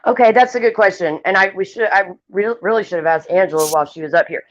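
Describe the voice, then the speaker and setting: A woman's voice: mid-range voice, quick pace, dry recording. A woman co-hosting a livestream in casual chat, blunt and opinionated, talking at length. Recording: dull lo-fi stream audio.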